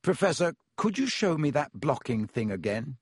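Audiobook kid: a man doing a wary schoolboy, a touch higher, nervous. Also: big pitch swings, normal speed, breathy edge, no echo, studio quality. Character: nervous young schoolboy wizard.

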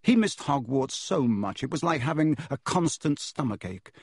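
Husky-voiced male audiobook narrator. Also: mid-range voice, very animated, moderate pace, darkish tone, no room sound, clean studio sound.

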